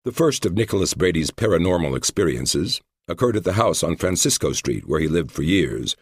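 A man reading a book aloud in a measured storytelling manner. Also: low voice, sing-song, slightly rough, dry recording. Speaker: audiobook narrator. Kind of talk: scripted narration.

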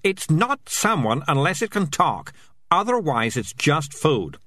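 A glib, self-satisfied talking tomcat, voiced by a man in an audiobook. He talks his way around everything with a lively, swooping pitch. The sound is close and dry. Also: no room sound, exaggerated voice. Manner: fast-talking, self-justifying. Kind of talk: audiobook character voice.

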